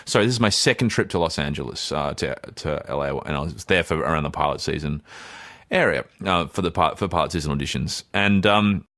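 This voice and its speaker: A young Australian man with a low, deep voice tells a long, rambling story on a podcast. He keeps correcting himself and acts out what others said. The room is dry and close. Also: lively intonation, fairly quick, a bit bright, no echo. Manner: rambling, self-correcting, acts out quoted dialogue. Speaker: podcast co-host. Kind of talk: casual anecdote storytelling.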